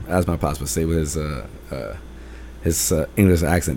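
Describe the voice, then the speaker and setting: A man hosting a podcast, telling personal stories in a loud, emphatic, rambling way. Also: a bass voice, normal speed, slight background noise. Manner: rambling with restarts and fillers. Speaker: podcast host. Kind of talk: casual personal storytelling monologue.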